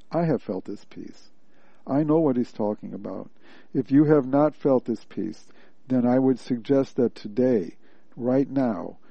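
An earnest male preacher gives devotional teaching, reading a text and explaining it in plain words and repeating points for emphasis. His medium-pitched voice is close and dry on a slightly dull, muffled lo-fi recording.

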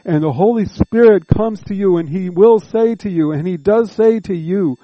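A man preaching a sermon, slow and deliberate, drawing out words and making earnest appeals to his listeners. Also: high voice, no echo, muffled recording.

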